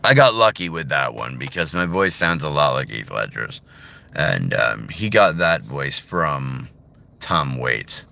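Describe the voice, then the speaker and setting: A man rambles casually in a parked car, his low, gravelly voice bright and edgy. His pitch jumps around a lot as he talks. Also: animated, takes it slowly. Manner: rambling, full of fillers. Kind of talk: casual talk about doing voices.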